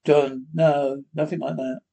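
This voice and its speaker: A man's voice: a little high, flat delivery, a little slow, gravelly, mellow. A man reading the part of a nervous, secretive husband who keeps repeating himself anxiously. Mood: tense.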